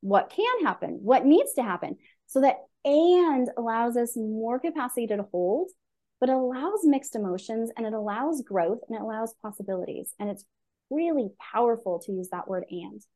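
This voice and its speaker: A middle-aged woman coach, a podcast guest, telling stories in an earnest, animated way. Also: a little high, normal speed. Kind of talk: conversational interview.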